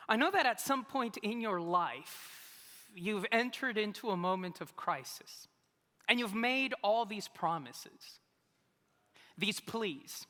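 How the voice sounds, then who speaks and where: A man preaching a sermon as pastor, telling a story with animated, humorous delivery. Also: sits high. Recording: long reverb of a large hall.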